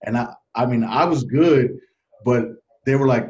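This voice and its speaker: Male interview guest, earnest animated storyteller, mid-pitched, muffled lo-fi recording. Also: a little slow. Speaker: podcast guest. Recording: dull lo-fi sound.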